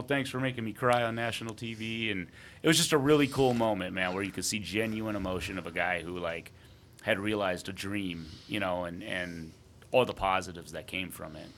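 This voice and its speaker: A man's voice: deep voice, normal speed, a bit bright, a little hiss or hum. A man co-hosting a podcast, telling a sports story casually and rambling with lots of fillers. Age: adult father. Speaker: podcast co-host.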